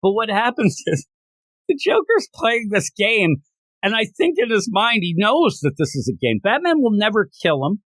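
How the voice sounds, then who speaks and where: A man's voice: sits high, moderate pace, no echo, low-quality recording. A man hosting a comics review podcast, retelling the plot in casual chat and acting out the characters as he goes. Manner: animated storyteller, acts out the characters.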